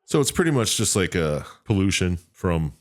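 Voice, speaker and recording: A man with a very deep, low voice, chatting casually as a podcast co-host. He retells a story loosely and rambles, with plenty of swearing. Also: sing-song, normal speed. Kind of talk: casual chat, recapping a game's plot.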